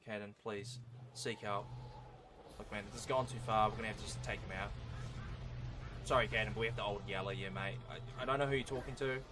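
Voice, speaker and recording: A man's voice: lowish voice, steady tone, brisk, long pauses, background noise. Joking man commentating a speedrun. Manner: joking, sarcastic asides. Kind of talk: casual gameplay commentary.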